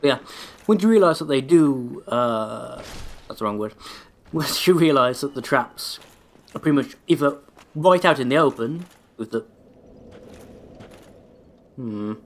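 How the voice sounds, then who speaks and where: A man's voice: mid-range voice, lively intonation, unhurried, long pauses. Man, sore throat, let's-play commentary, rambling, sarcastic, cursing. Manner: rambling, sarcastic, swears often. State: sore throat, voice held back. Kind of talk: casual gameplay commentary.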